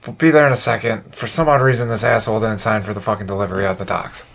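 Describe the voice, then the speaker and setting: A man's voice: lowish voice, fairly even intonation, racing, creaky. A man playing a tabletop role-playing game, talking in an exasperated manner and often swearing. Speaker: player. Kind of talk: casual game talk.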